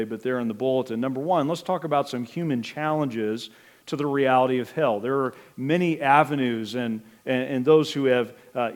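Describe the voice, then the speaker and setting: This is a middle-aged man preaching as a pastor, sincere and deliberate in his delivery. He has a mid-range voice and drops in some hesitant fillers.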